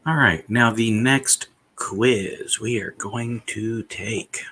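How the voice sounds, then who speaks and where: A man live-streaming himself, rambling casually and thinking aloud, swearing now and then and filling pauses with "uh". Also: on the low side, pushed and bright, slightly rough.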